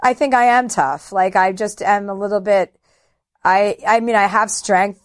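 A woman's voice: mid-range voice, normal speed. A middle-aged woman, a comedian and former talk show host, talking bluntly and openly about her feelings in an interview, often poking fun at herself. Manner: blunt, self-deprecating, open about feelings. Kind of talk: candid interview conversation.

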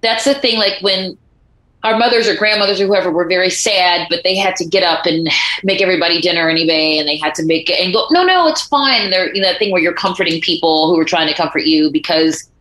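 Bright-voiced woman telling animated stories. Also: on the low side, fast, roomy sound, rough recording. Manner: animated storyteller acting out quoted voices. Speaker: author and guest. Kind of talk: conversational interview.

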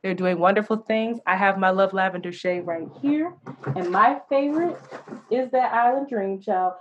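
A woman co-hosting a podcast in casual chat, animated and quick to laugh. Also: medium pitch, dull audio, slight background noise. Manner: laughs often, animated and chatty. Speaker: podcast co-host.

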